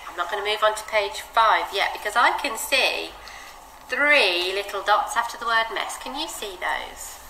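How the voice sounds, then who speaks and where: A woman teaching reading, guiding a child through a phonics book with encouraging, expressive read-aloud. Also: medium pitch, moderate pace. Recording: roomy echo with steady background noise.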